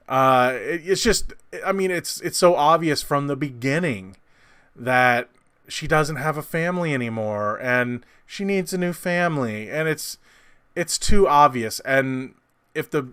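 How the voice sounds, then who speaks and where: A man's voice: mid-range voice, fairly bright tone, smooth, no room sound, studio quality. A man giving a casual, rambling movie review, full of fillers and restarts. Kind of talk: casual film review monologue.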